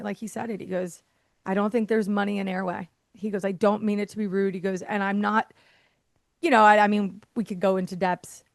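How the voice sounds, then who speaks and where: A woman with a medium-pitched voice, recorded dry, appears on a podcast as an airway therapist. She narrates a story casually and lively, laughing often and acting out the lines of other people.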